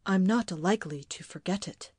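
A woman's voice: moderate pace, a little mellow, breathy edge, dry recording, studio quality. A woman reading a story and voicing a bitter, resentful grown son who answers in a curt, grim way. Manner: curt, grim, low and clipped.

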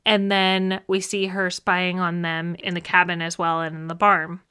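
A woman's voice: on the low side, level tone, normal speed, pushed and bright, clear, resonant tone. A woman co-hosting a podcast, chatting casually about a film with many fillers and frequent laughs. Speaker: podcast co-host.

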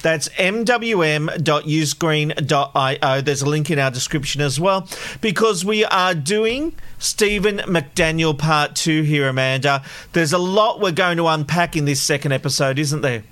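A man's voice: on the high side, measured pace, a bit bright. A man co-hosting a true crime podcast, joking with his co-host and presenting news items.

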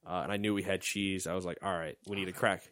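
A man's voice: low-pitched, steady tone, quick pace, fairly bright tone. A young man co-hosting a podcast in casual, rambling chat and laughing often. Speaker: podcast co-host.

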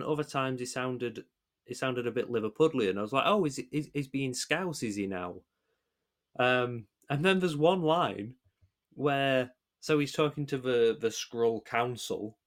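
A man in casual podcast chat, his voice at an ordinary middle pitch. He talks in halting bursts, restarting sentences as he thinks aloud. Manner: hesitant, many restarts, rambling analysis. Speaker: podcast co-host.

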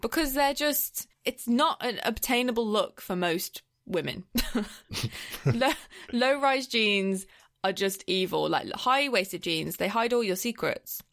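A woman's voice: a little high, expressive, slow, fairly bright tone. A woman co-hosting a podcast, chatting enthusiastically about a film with frequent laughs and "like" fillers. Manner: giggly and enthusiastic, many "like" fillers. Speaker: podcast co-host. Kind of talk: casual film review chat.

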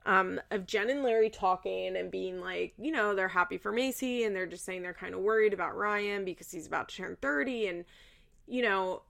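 A woman's voice: mid-range voice, moderate pace, gravelly, fairly bright tone. A woman host chatting casually in a recap, chatty and loose with fillers and the odd swear word.

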